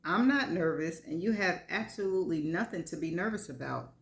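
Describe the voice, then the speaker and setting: A woman's voice: on the low side, animated, fairly quick. A woman voicing a confident, teasing middle-aged man in a story reading, reassuring and playful. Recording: echoey room.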